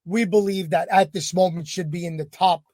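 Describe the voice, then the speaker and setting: High, dark-toned male podcast host. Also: fairly even intonation, normal speed, no room sound, clean studio sound. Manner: admiring, hesitant with many fillers. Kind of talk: casual interview.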